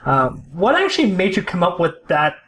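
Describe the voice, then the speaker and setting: Joking man with a bright voice. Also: sits high, huge pitch swings, normal speed. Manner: joking, teasing questioner. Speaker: podcast host. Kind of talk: casual interview chat.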